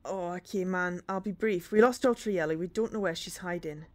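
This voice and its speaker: A woman voicing a drunk man in a pink superhero suit, loud and giddy, as she reads a story game aloud. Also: lowish voice, fairly quick, natural voice. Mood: drunk pleading.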